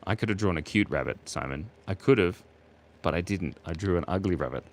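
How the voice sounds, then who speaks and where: A man's voice: sits low, a little fast. A man with an Australian accent, casually chatting and joking with his chat while he draws. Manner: playful, jokey, reads chat aloud and laughs often. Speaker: streamer drawing live for chat. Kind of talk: casual live drawing stream.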